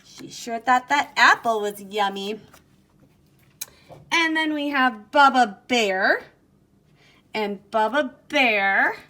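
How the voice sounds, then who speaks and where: Slow, bright-voiced woman teaching phonics. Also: a little high. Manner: slow, sing-song, encouraging. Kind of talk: online phonics lesson for young children. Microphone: device camera mic.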